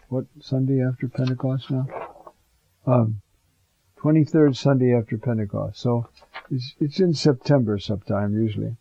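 A priest preaching an informal homily, conversational and digressive, often pausing with fillers and asides. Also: male voice, medium pitch, vocal fry, dark tone, no room sound, dull audio.

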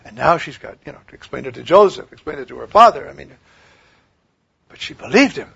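Male preacher, high gravelly voice, husky, sermon swinging from loud to hushed, dull lo-fi recording. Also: lively intonation, fairly quick. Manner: swings from loud declaiming to hushed near-whispers.

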